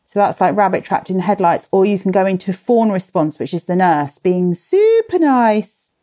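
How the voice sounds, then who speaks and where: A woman's voice: medium pitch, big pitch swings, normal speed, mellow. A woman in her thirties or forties running a live parenting workshop. She chats, laughs and sighs, and answers viewers by name as she reads their comments.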